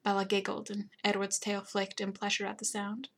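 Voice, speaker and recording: A woman narrating a fantasy novel aloud in a steady, even reading voice. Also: medium pitch, normal speed. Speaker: audiobook narrator. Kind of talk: scripted narration.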